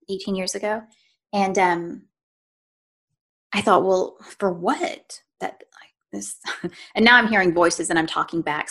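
A woman speaks as a podcast guest, recounting a personal story in an earnest, conversational way. Her voice sits on the low side, with a gravelly fry running through it. She often acts out her own inner dialogue and turns to the listener with "right?". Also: a bit bright. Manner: frequent "right?" and "you know" asides to the listener. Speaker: podcast guest, nutritionist and life coach.

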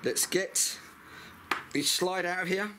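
A man's voice: sits high, takes it slowly, background noise. A middle-aged man with a blunt, chatty manner, talking through a scooter repair in a workshop and swearing freely. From United Kingdom. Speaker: mechanic vlogger. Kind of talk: casual repair tutorial.

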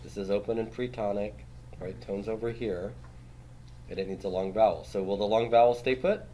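A man's voice: fairly low pitch, steady tone, brisk, dark tone, a little hiss or hum. A man teaching grammar in a classroom lecture, quizzing students and tagging his points with "right?". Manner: patient, steps through rules on a board.

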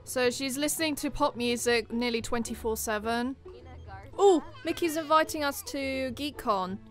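A woman giving chatty, excitable let's-play commentary over a life-simulation game, often breaking into giggles. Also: high voice, normal speed, faint music behind. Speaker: gaming channel host.

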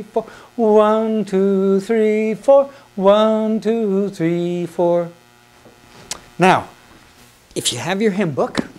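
A man's voice: sits high, a little mellow. A man teaching hymn conducting in an instructional video, patient and encouraging, counting beats aloud and asking questions that he answers himself.

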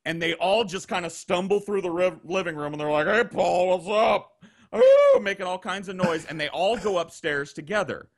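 Over a video call, a guest storyteller on a podcast tells a crude anecdote, swearing freely and acting out the voices of the people in it. His voice is high-pitched and brisk, with few pauses, and his delivery is profane and animated.

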